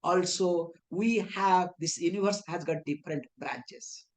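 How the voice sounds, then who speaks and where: In an unhurried English scripture lecture, a spiritual teacher with a voice on the low side frequently asks and answers her own rhetorical questions. She also throws in teasing, playful asides.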